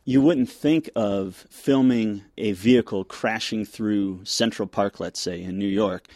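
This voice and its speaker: Low-voiced man making a firm point. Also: unhurried, a little mellow, dry recording, studio quality. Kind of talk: interview.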